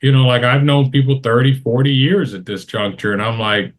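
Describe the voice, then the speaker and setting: A man's voice: medium pitch, fairly quick, hardly any pauses. A middle-aged man on a roundtable panel, talking in an emphatic, advice-giving way and repeating phrases for stress. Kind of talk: casual roundtable discussion.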